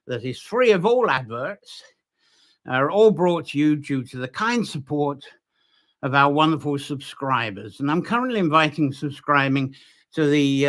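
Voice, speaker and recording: A man's voice: on the high side, a bit bright. A man hosting a live nature folklore stream from Ireland, talking loosely with many fillers and restarts. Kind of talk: live-streamed solo talk.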